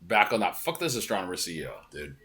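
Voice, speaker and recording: A young man hosting a podcast alone, talking casually in a rambling, profane, animated way from a hotel room. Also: deep voice, fast talker. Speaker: podcast host. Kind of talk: casual monologue.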